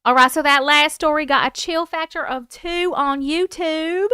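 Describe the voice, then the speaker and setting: A woman's voice: high voice, normal speed, bright, forceful tone, no room sound, studio quality. A woman in her thirties hosting a livestream, chatting playfully with viewers and reading their stories aloud. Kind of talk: casual live chat and story reading.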